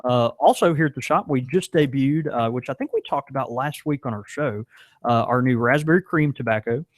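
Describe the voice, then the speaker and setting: A man's voice: medium pitch, fairly quick, dry recording. A man chatting as co-host on a podcast, laughing easily and restarting his sentences. His voice sits mid-range and sounds close and dry, with little room around it. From American South. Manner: laughs often, stumbles and restarts. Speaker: podcast co-host and pipe shop worker. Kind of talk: casual chat. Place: small pipe shop.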